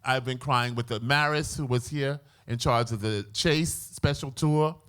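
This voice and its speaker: A man's voice: a little slow, a bit bright, smooth. An American man speaking as curator on a museum panel, flamboyant and theatrical in manner. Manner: flamboyant and theatrical, swooping pitch. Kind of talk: lively panel talk. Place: museum event hall with audience.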